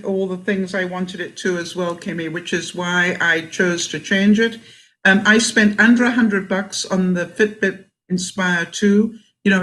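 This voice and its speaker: An older Canadian woman with a slightly bright, mid-range voice vlogs in a casual livestream chat. She talks chattily, laughs a lot, and reads viewer comments aloud.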